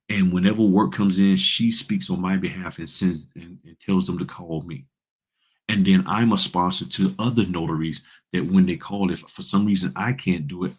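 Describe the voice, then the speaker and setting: A man from Virginia hosting a casual livestream as a notary business coach, talking in an animated, slangy, preachy way and speaking straight to his chat. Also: low voice, slightly rough. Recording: livestream from home studio.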